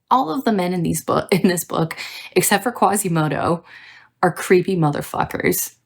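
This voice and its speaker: A woman's voice: fairly low pitch, moderate pace, vocal fry, slightly rough. A young adult woman hosting a casual book review video, ranting with plenty of swearing. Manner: ranting, profane, animated.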